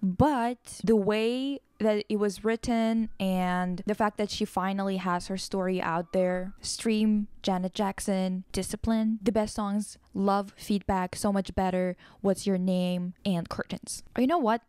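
A woman's voice: mid-range voice, steady tone, measured pace, hardly any pauses, a little mellow, clean tone, dry recording. A young woman vlogger giving a blunt, profane, exasperated rant about pop culture. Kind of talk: casual ranting commentary.

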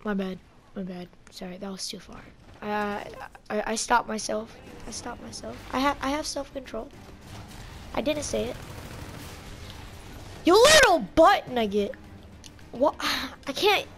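A young woman commentating her own shooter gameplay, sick and with an upset stomach, yelling in frustration and then calming down. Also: fairly high pitch, normal speed, a little hiss or hum. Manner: yells in frustration, then calms down. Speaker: gaming YouTuber.

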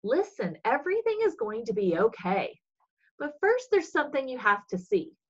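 Reassuring little angel in a children's story, woman reader, soft, lively pitch. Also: normal speed, slightly rough, highs cut off, exaggerated voice. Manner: calm, comforting.

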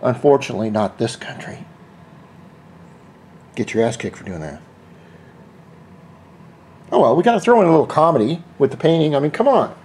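A man's voice: medium pitch, big pitch swings, normal speed, long pauses, a little mellow, slight background noise. A middle-aged man giving a casual how-to vlog from his workshop, rambling, joking and cussing freely as he spray paints parts. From United States. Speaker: scooter hobbyist vlogger.

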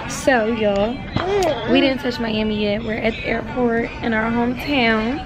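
A young woman, chatting excitedly to camera in a casual vlog. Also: fairly high pitch, measured pace, over music. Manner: chatty, excitable, says "y'all" a lot. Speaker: vlogger.

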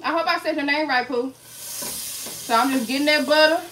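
A woman's voice: high-pitched, normal speed, a bit bright, a little hiss or hum. A woman hosting a casual cooking livestream, chatty and playful, talking straight to her viewers and joking as she goes. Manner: playful, swears and jokes.

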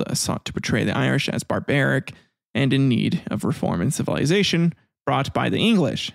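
Creaky-voiced man hosting a history podcast. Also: medium pitch, dry recording, clean studio sound. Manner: rambling, jokey, crude asides, frequent laughs. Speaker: podcast host. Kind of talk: casual history podcast talk.

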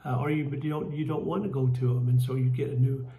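A man with a Kentucky accent leading a church Bible study, folksy and halting, with many fillers and restarts. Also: mid-range voice, level tone, reverberant, phone-quality sound, a little hiss or hum. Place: church room.

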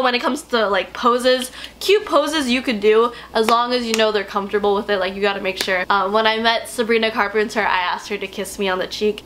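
A woman's voice: a little high, a bit bright, slight background noise. A young woman vlogging in a casual, bubbly and gushing way, full of fillers. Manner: bubbly, gushing, fast with many likes. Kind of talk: casual chatty vlog.

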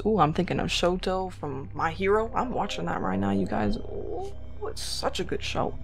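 A woman's voice: medium pitch, normal speed, creaky, few pauses, over music. A young woman giving chatty, playful commentary on a game she is playing, talking straight to her viewers. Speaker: let's play gamer. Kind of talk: casual gameplay commentary.

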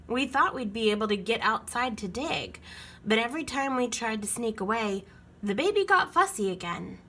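A woman reading a children's picture book aloud with expressive storytelling. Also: mid-range voice.

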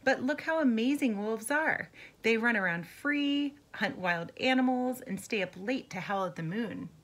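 A woman's voice: on the high side, animated, a little slow, a bit bright, full character voice. A woman voicing an eager young male pet dog in a storybook read-aloud, wide-eyed and exclaiming. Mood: awed.

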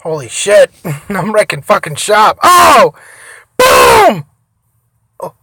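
A tired young man giving casual, profane gameplay commentary, rambling between loud outbursts and mumbled asides. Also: high-pitched, unhurried, creaky, husky, no room sound. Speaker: gaming vlogger.

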